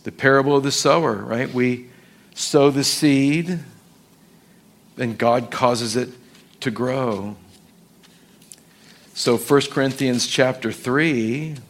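A man preaching a sermon to his church, animated and quick to act out voices and quotes. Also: medium pitch. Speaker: pastor.

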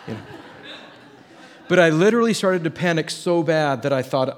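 A middle-aged man, a pastor, telling a story in a sermon and jumping his voice up to act out the people in it. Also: moderate pace. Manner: animated storytelling, acts out voices with jumps in pitch.

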